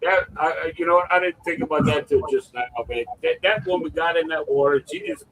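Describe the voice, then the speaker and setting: A man co-hosting a livestream, telling animated stories and loudly acting out what people said. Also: on the high side, fairly quick, a little hiss or hum, rough recording. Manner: animated storyteller, acts out quotes loudly. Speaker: livestream co-host. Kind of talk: casual chat.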